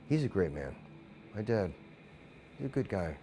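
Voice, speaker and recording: A middle-aged man recounting a childhood memory in an interview, swearing constantly, his voice surging loud and then dropping low. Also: big pitch swings, normal speed, long pauses, slight background noise. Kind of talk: emotional storytelling.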